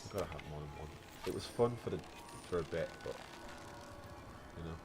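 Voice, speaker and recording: A man's voice: very deep voice, a little fast, over loud music. A British man streaming a game, chatting playfully and answering his chat as he goes. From Britain. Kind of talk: casual chat while gaming.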